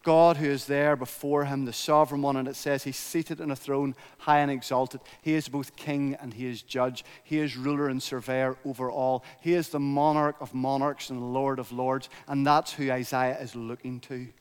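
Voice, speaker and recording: A man's voice: mid-range voice, little pitch movement, normal speed, few pauses, clear, resonant tone, big-room sound. A man preaching a sermon in a church, emphatic and building his points through repetition.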